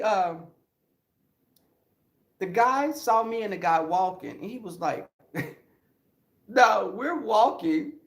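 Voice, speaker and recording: A man's voice: sits high, gravelly. A man telling comic stories as a podcast guest, laughing often and acting out voices. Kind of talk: comic storytelling. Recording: roomy echo.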